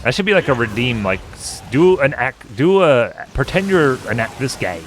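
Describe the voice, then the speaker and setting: A man's voice: mid-range voice, very animated, normal speed, slight background noise. A young man casually rambling through commentary while playing a video game. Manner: rambling, chatty asides. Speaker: game streamer. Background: game music.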